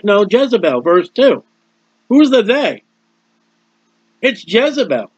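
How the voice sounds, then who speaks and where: A man's voice: high voice, big pitch swings, takes it slowly, long pauses, slightly rough, dry recording. A man preaching a sermon, explaining scripture plainly and reading out the verses in turn. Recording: dull dry lo-fi recording.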